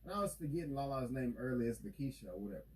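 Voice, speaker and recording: A man's voice: medium pitch, lively intonation, racing, poor audio. A man hosting a reaction video, recapping a TV episode in loose, rambling casual talk with lots of fillers. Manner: rambling, full of fillers, acts out characters' lines. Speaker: YouTube reaction host.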